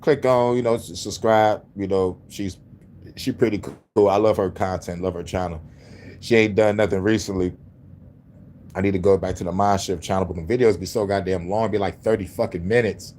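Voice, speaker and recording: A man's voice: sits low, fairly even intonation, normal speed, a little mellow, slight background noise. Laid-back swearing man hosting a reaction stream. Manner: laid-back, profane, laughing often. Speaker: host reacting to videos. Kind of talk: casual reaction commentary.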